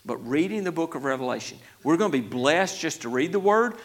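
A man's voice: fairly high pitch, expressive, fairly quick. A man preaching a conversational Bible study sermon, folksy, with many restarts, growing emphatic. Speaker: pastor.

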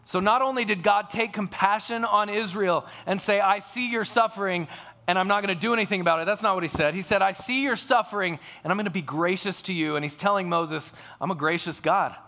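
A man's voice: high voice, a little fast, sharp tone. A man preaching a sermon to a congregation, telling a family story in a conversational way. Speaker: pastor.

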